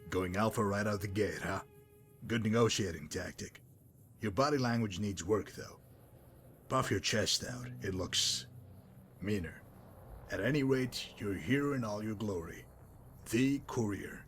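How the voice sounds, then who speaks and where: A man voicing a smug, sardonic male messenger-mercenary in a game, dry and mocking in manner, wordy and unhurried. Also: fairly low pitch, fairly bright tone, faint music behind. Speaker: game character. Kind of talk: voiced game dialogue.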